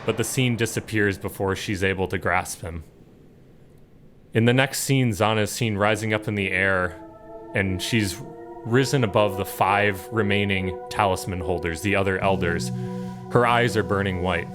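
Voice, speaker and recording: Guy running a tabletop game, lowish voice, calm storyteller, soft music behind. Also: moderate pace. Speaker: game master.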